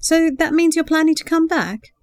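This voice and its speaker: A woman voicing a gentle, tender young man who speaks warmly and asks curious questions. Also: very high voice, moderate pace, dry recording, clean studio sound, pitched above the performer's own voice.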